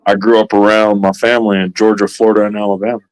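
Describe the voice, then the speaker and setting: A man's voice: fairly low pitch, flat delivery, quick pace, smooth, poor audio. A man from Louisiana calling into a friend's stream, chatting in an easygoing way. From Louisiana, USA. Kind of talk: casual chat.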